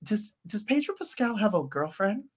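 A man's voice: high-pitched, very animated, moderate pace, husky. A man from England with a put-on American accent co-hosts a casual podcast chat. He is playful and theatrical, tossing in silly asides and mock-dramatic words. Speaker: podcast co-host.

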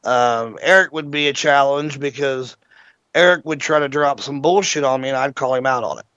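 On his internet radio show, a man tells a lengthy story in a relaxed, profane, lively way. His voice is mid-range and moderately paced, and the lo-fi recording sounds dull but echo-free.

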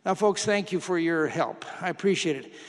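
A man preaching a sermon, drawing volunteers from the congregation into a demonstration in a folksy way that builds to loud, emphatic preaching. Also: on the high side, normal speed. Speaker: pastor. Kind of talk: sermon with audience participation. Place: church hall with congregation. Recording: hall reverb.

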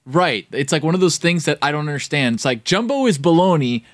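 A man on a casual podcast, jumping in with quick questions and reactions. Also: on the high side, animated, no room sound, clean studio sound. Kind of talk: casual chat.

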